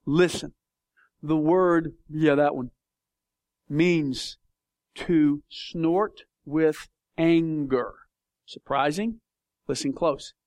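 A man's voice: a little high, extremely slow, long pauses, darkish tone, no room sound, studio quality. A man preaching a sermon, passionate and emphatic, with big swings in intensity. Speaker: pastor.

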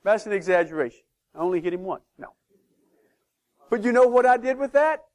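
A man preaching a sermon as pastor of his church, emphatic, swinging between loud declarations and hushed asides. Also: high voice, animated, a little fast.

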